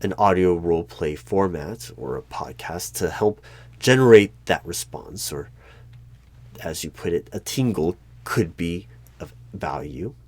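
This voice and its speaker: In a one-sided audio role-play, a man plays a secretive, deadpan hiring manager for a secret bureau, posing formal, bureaucratic interview questions. His exaggerated voice sits low and unhurried, and his mood is evasive.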